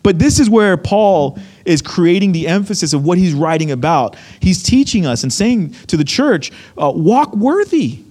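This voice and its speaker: Lively, high-voiced man preaching. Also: normal speed, hardly any pauses. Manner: animated storytelling, acts out quotes. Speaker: pastor. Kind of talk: sermon.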